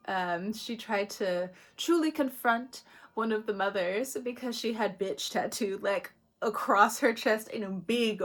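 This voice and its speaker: A woman's voice: fairly high pitch, a bit bright. A woman giving a casual spiritual astrology reading to the camera, chatty, swearing freely and laughing often between phrases. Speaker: astrology reader.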